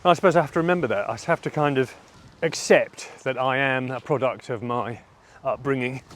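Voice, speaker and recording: A middle-aged man talks through a personal vlog monologue in a candid, self-reflective way. His delivery is halting, and his voice sits at an ordinary middle pitch. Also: a bit bright, slight background noise. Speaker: vlogger.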